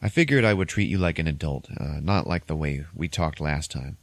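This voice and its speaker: A man's voice: a bass voice, a little fast, vocal fry, no echo. A man voicing a laid-back cruel thug. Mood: menacing. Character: menacing male thug, casual and cruel.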